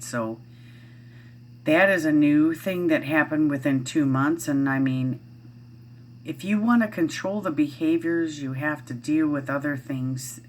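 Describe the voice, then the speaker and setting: A woman's voice: extremely low pitch, a little hiss or hum. A middle-aged woman vlogging at home, chatting casually in a rambling way with lots of fillers and restarts. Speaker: parent vlogger. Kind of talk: casual chat to camera.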